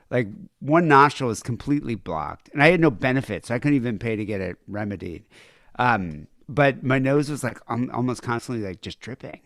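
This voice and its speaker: A man's voice: medium pitch, no echo, studio quality. An American man hosting a podcast in casual chat, talking in a rambling, offhand way. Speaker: podcast host.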